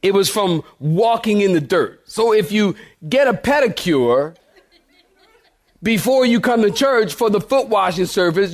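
A male pastor with a high voice tells a humorous story as a sermon before a congregation in church. He's playful, laughs often, and speaks directly to the people in the pews.

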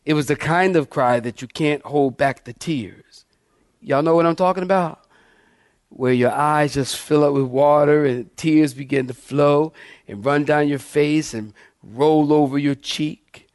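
A man's voice: a little high, measured pace, a little mellow, no room sound, studio quality. A male pastor preaching a sermon, emphatic, often asking the congregation if they follow. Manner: asks the congregation for responses, emphatic.

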